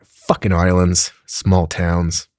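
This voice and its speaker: A man telling a comedic story in a profane, animated way, acting out the dialogue as he goes. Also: low voice, takes it slowly, dry recording, clean studio sound.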